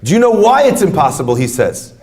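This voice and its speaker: A man's voice: on the high side, fairly quick, slightly rough. A man giving an inspirational talk to an audience, telling stories and joking with the crowd. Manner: animated storyteller, jokes with the crowd. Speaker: speaker at a retreat.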